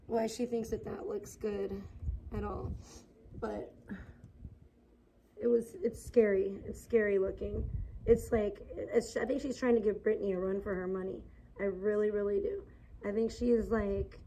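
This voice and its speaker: A woman's voice: mid-range voice, fairly even intonation, unhurried, gravelly, dark tone, slight background noise, low-quality recording. A woman livestreaming outdoors in the sun, rambling and gossiping in a casual, filler-heavy way.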